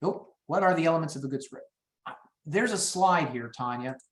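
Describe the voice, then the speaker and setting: A middle-aged man leading a real estate training session, talking in an upbeat, high-energy way and moving quickly through his points. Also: lively intonation, roomy sound. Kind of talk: training webinar talk.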